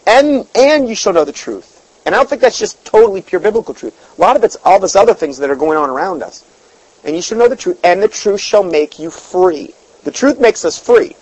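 A man with a high voice delivers a casual, folksy sermon, reading scripture and commenting on it with emphatic asides and frequent repetitions. The recording is close and dry, with no room sound around him. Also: animated, fairly quick, darkish tone, no echo, low-quality recording. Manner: folksy, emphatic, repeats words. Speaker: preacher.

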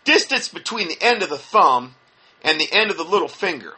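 A man giving critical religious commentary in a sarcastic, indignant, scoffing manner, with a husky voice. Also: fairly high pitch, sing-song, a little fast, bright, forceful tone.

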